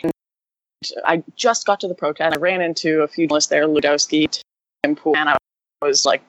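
A woman guest in an interview recounting her experience quickly and animatedly, full of "like" fillers. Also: low voice, fairly even intonation, dry recording, low-quality recording. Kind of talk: casual interview storytelling.

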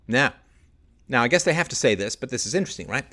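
A man's voice: medium pitch, animated, fast, sharp tone. A middle-aged man hosting a solo livestream, reading news aloud and picking at it with sarcastic, exasperated rhetorical questions. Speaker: livestream host.

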